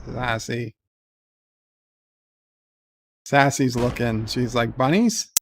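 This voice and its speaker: Male host streaming a strategy game; slow, higher-pitched, vocal reactions. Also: fairly bright tone, a little hiss or hum. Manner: exclaiming and grumbling at the game. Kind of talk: live game commentary.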